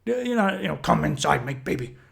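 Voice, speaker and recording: A crude primal caveman voice, put on by a man, yells and grunts in broken, clipped words. It sounds gravelly and pushed up high. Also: very animated, brisk, heavily acted. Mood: grunting. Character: primal caveman lizard-brain voice, male, crude and aggressive.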